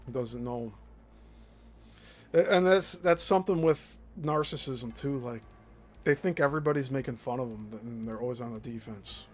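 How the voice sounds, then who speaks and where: A man's voice: mid-range voice, normal speed. A man with a Midwestern accent giving blunt, opinionated commentary, with some swearing. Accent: Midwestern American. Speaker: commentary host.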